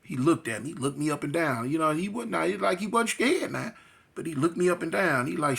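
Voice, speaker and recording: A man's voice: a little high, moderate pace, gravelly. A man from California, telling a story in a casual, slangy way and acting out voices and sound effects. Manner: animated, acts out quotes and sound effects, slangy. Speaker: storyteller recounting jail experiences.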